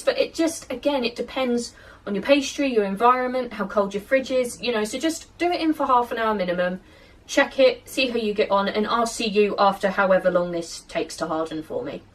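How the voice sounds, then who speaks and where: A woman's voice: medium pitch, a little fast. Chatty woman baking at home. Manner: chatty and self-deprecating, talks to the dough. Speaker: baking vlogger. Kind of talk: casual how-to narration. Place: home kitchen. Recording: distant mic with faint kitchen clatter.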